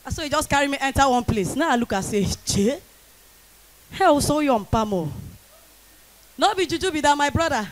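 A young Nigerian woman doing stand-up comedy in Pidgin English, loud and shouting to the crowd in bursts. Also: sits high, animated, normal speed. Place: comedy stage before a live audience.

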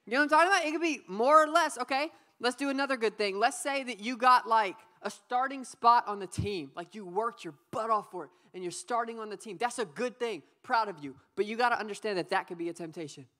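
Lively woman preaching to youth. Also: fairly high pitch, fast talker, hardly any pauses. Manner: lively, playful, calls for audience responses. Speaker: youth pastor. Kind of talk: youth sermon. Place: church youth service.

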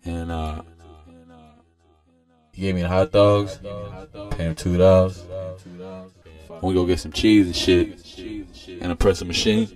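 A man telling an absurd comic story in a laid-back, profane, rambling deadpan way. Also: sits low, a little slow, long pauses, soft background music.

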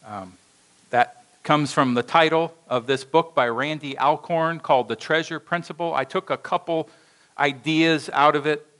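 A man's voice: on the high side, normal speed, low-quality recording. A male pastor delivering a sermon in a church, telling a story and acting out its voices with animation. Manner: animated storytelling with acted quotes.

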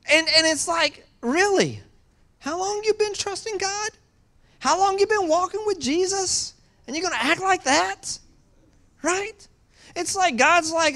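A pastor preaching a sermon in a lively way, moving from loud excitement to hushed low tones and acting out voices with humor. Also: measured pace. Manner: acts out quoted voices with humor.

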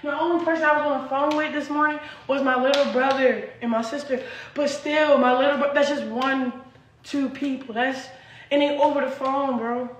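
High-voiced young woman ranting on a livestream. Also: steady tone, moderate pace, reverberant, slight background noise, low-quality recording. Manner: rambling, agitated and profane. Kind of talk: casual livestream rant. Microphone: phone livestream.

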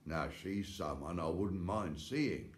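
A man voicing a bold, blunt young soldier who speaks slowly and deliberately in a fairy tale reading. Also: low-pitched. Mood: musing. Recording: echoey room.

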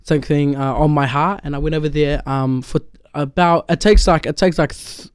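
A man's voice: a little high, fairly even intonation, normal speed, smooth, no room sound, clean studio sound. A young man with a New Zealand accent, an actor chatting loosely in an interview, full of "like" and "um". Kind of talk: casual interview chat.

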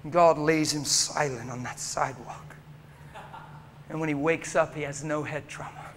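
A man's voice: on the high side, steady tone, measured pace, a bit bright. A male preacher delivering an emotional, story-driven sermon in a church, acting out the people in his stories. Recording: long church reverb, faint background noise.

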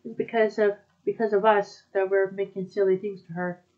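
Halting woman in a lo-fi fan dub. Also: medium pitch, steady tone. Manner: halting, with fillers and restarts.

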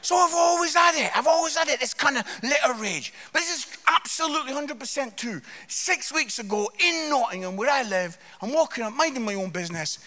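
A Scottish man, a comedian, telling stories to a church congregation with loud outbursts and low asides. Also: animated, a little fast, few pauses. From Scotland. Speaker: comedian guest speaker. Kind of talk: live comic storytelling to a church congregation. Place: church hall before a live audience.

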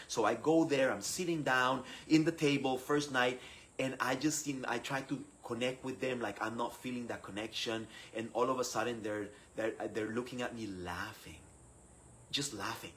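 Animated man telling his story. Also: medium pitch, poor audio. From Costa Rica. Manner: animated, acts out quoted voices, laughs often. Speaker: speaker sharing his personal story. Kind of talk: personal storytelling talk.

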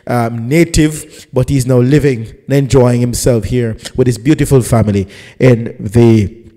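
Mellow-voiced male pastor hosting radio talk. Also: medium pitch, fairly even intonation, measured pace, long reverb tail. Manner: chatty and teasing, rambling asides. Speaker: pastor and radio show host. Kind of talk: live radio talk show introduction.

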